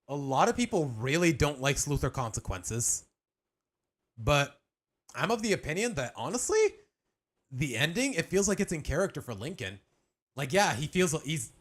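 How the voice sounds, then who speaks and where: A man's voice: fairly high pitch, a bit bright. A young adult man chatting casually on a live stream as he reacts to a video, rambling with restarts and slang.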